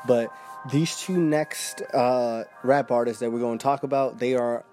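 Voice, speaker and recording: A man's voice: mid-range voice, steady tone, a little slow, darkish tone, faint music behind. A man hosting a casual solo podcast, rambling and swearing with lots of fillers. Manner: rambling and profane, full of "like" fillers. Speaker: podcast host.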